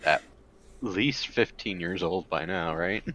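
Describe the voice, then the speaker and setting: A young man co-hosting a podcast, trading quick casual banter. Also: low-pitched, a bit bright. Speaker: podcast co-host. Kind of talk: casual chat.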